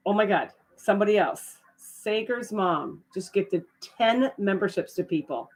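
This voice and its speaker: A middle-aged woman hosting a casual live stream, chatting with viewers, often breaking into excited, surprised exclamations between trailing fillers. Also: medium pitch.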